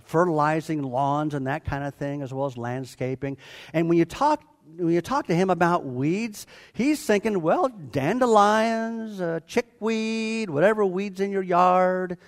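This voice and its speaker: A man in his sixties preaching a sermon to a congregation, animated and joking with them as he teaches. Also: on the high side, unhurried. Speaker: pastor. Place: church before a live congregation.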